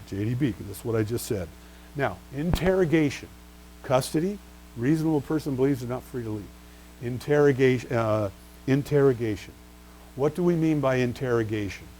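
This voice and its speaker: A man's voice: mid-range voice, warm tone, slight background noise, rough recording. A man teaching a recorded bar exam review lecture, asking rhetorical questions and answering them himself while stressing key terms. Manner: stresses key terms and spells out case names.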